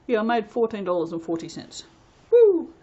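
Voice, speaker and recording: A woman's voice: medium pitch, fast talker, dull audio. Chatty Australian woman rambling while working. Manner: chatty, rambling, laughs often, sudden loud exclamations. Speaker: soap-making channel host. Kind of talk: casual chat while working.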